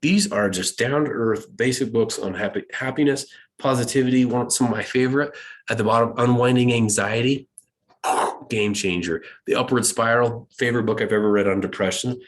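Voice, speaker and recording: A man presenting a motivational talk at a school event, lively and acting out quoted voices. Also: medium pitch, normal speed.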